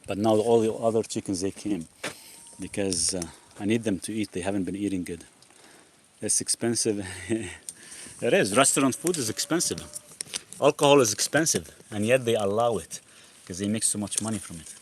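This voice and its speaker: A man with a lowish voice hosts a casual live Q&A in a backyard with chickens, speaking at normal speed with a slight hiss or hum in the audio. He rambles, restarts sentences and leans heavily on the word "actually."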